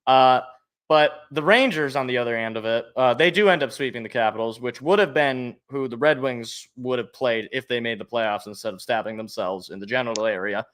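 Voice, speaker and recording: Man, sports podcast host, casual and joking, mid-pitched, thinks on the fly. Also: fairly quick. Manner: animated, jokey, thinks aloud. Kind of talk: casual chat.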